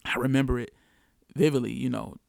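A man's voice: medium pitch, steady tone, a little fast, creaky, darkish tone, dry recording, studio quality. A man from the United States telling his story as a father in an earnest, reflective monologue, repeating key phrases for emphasis.

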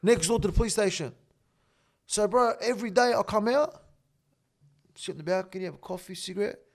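A man, a guest telling a story in casual, profane, animated talk. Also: high-pitched, fairly quick, vocal fry. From Australia.

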